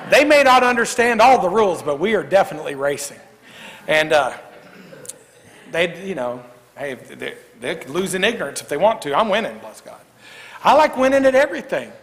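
Animated preacher in an echoing church. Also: male voice, high voice, a little fast. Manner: lively, jokey, swings from loud to hushed. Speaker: pastor. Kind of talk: sermon. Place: church sanctuary. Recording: echoey church hall.

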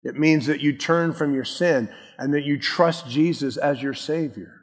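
A pastor with a fairly high male voice delivers an earnest, emphatic sermon, asking his listeners pointed questions. His voice rings with a long reverb through the church hall. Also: a little slow, breathy edge. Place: church sanctuary.

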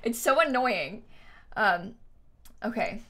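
Giggly woman livestreamer, bright and fairly high, chats casually while gaming. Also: lively intonation, slow pace. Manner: giggly, chatty, thanks viewers often. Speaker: streamer. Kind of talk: casual live-stream chat while gaming.

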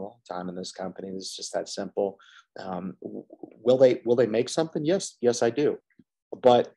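A fed-up man ranting alone into the mic as an independent stock commentator. His voice sits on the low side, and he talks bluntly, swears casually and hammers the same points over and over. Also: a little mellow. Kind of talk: frustrated solo rant.

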